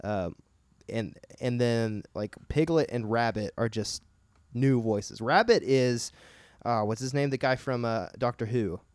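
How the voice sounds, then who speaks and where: A man co-hosting a podcast in casual chat, playful and quick to laugh. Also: mid-range voice, a little mellow, dry recording, clean studio sound. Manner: playful, joking, frequent laughs. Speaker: podcast co-host.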